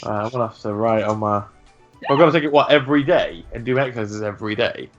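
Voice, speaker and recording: A man's voice: on the low side, animated, quick pace, muffled recording, faint music behind. A man playing a tabletop role-playing game, exasperated and joking, complaining and swearing often. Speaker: player. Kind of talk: casual tabletop game chat.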